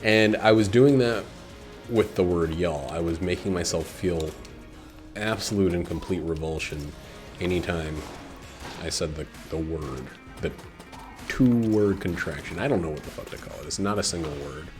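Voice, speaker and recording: Over music, a low-pitched man speaks at normal speed, giving casual, meandering commentary as he plays a video game. He swears freely and trails off into filler words.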